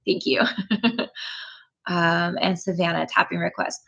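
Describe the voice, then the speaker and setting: Gravelly low-voiced woman tapping coach. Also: a little slow, pauses often, poor audio. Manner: gentle and encouraging, with frequent ums. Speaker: EFT tapping practitioner hosting a live session. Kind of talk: live-stream guided session, greeting chat viewers.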